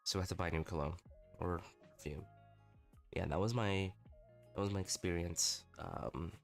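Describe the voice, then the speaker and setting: A man's voice: low-pitched, fairly even intonation, moderate pace, vocal fry, faint music behind. A young man livestreaming, telling a candid night-out story with lots of swearing and self-mocking. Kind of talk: casual storytelling stream.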